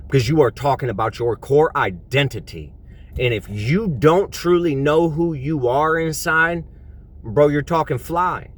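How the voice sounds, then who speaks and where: An emphatic man giving a heartfelt faith talk. He leans on repetition and casual slang, pressing each point hard, with a mid-range voice. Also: mid-range voice. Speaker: truck driver sharing faith.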